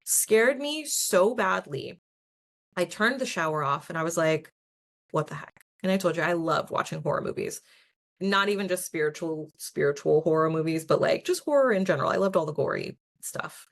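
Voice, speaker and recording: A woman's voice: on the low side, lively intonation, normal speed, gravelly. A young adult woman hosting a podcast, telling her personal stories in a chatty, earnest way, often laughing and restarting her sentences. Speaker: podcast host. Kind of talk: casual personal storytelling.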